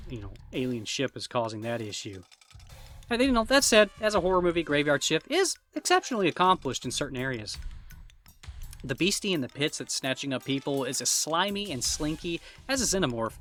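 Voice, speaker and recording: Male movie reviewer, bright voice, jokey and loose, light music bed. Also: on the high side. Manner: wry, jokey, rambling with repeated words. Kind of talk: casual scripted review narration.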